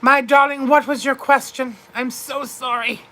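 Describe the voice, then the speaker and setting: A woman hosting a comedic livestream plays a gushing, tipsy duchess, using a fake British accent and a high, sparkling voice. She reads the chat slowly and grandly, calling everyone darling, her tone steady, pushed and bright.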